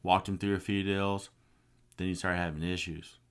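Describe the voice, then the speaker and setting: A man's voice: deep voice, flat delivery, moderate pace, clear, resonant tone. A middle-aged man giving an earnest, passionate personal testimony. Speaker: speaker sharing a personal story.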